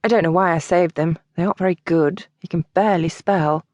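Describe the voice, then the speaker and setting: A woman's voice: lowish voice, a little fast, a little mellow, dry recording, clean studio sound, lightly acted. Woman voicing a prim, bookish young woman. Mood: cool.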